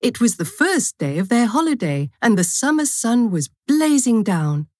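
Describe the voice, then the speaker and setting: A woman narrating a short story for a language course in a clear, measured storytelling manner. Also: a little high, big pitch swings, a little mellow, no echo, studio quality.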